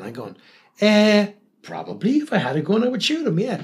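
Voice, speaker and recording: Guy telling stories fast, voice jumps all over, does little voices for people. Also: mid-range voice. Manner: animated storyteller, acts out quoted people, swears freely. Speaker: guest, television presenter. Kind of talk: casual anecdotal interview talk.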